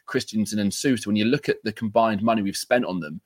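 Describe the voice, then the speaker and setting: An English man with a lowish voice hosts a relaxed football podcast. He talks with enthusiasm and drops casual swear words. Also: fast. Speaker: podcast host.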